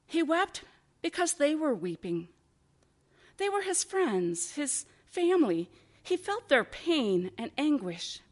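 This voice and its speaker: A woman pastor giving a sermon, with slow, expressive preaching and rhetorical questions. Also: high-pitched.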